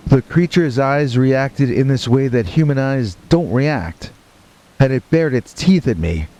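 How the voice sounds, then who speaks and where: A man with a mellow, dark-toned voice at an average pitch tells a first-person horror story. His delivery is deadpan and matter-of-fact, broken by wry asides. Rain and thunder roll behind him. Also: a little slow, slight background noise.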